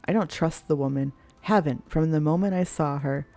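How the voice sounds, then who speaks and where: Woman reading as a blunt young man, curt, mocking, lowish voice, faint music behind. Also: normal speed, warm tone. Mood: cold. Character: cold blunt young man, dismissive and distrustful. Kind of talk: voiced reading of a visual novel.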